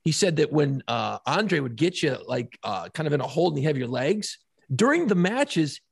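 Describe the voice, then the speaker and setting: Gravelly, animated man telling stories. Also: a little high, normal speed, no room sound, clean studio sound. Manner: animated storyteller, laughs often, swears freely. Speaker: podcast co-host. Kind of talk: casual chat.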